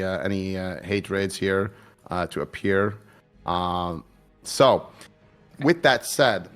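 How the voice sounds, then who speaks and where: Man, interviewer, low voice, jokey, rambling, mock newsman. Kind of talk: comedic casual interview.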